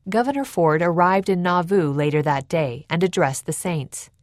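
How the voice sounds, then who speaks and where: A woman narrating a historical account in a measured, even storytelling style. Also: lowish voice, no echo, studio quality.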